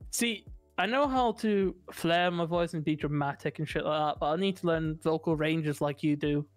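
A man co-hosting a podcast in casual chat, animated and quick to swear and joke at himself. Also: on the high side, dry recording, faint music behind. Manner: animated, swearing, self-mocking. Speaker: podcast co-host. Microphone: studio mic.

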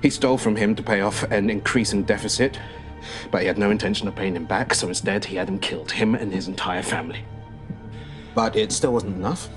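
An actor playing a grim man who lays out a crime in a grave, measured way, with music behind. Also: on the low side, natural voice.

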